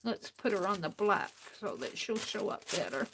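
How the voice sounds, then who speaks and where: A tired woman hosting a late-night crafting livestream, talking softly to herself as she works. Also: medium pitch, sing-song, normal speed, vocal fry, background noise. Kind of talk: casual talk while crafting live.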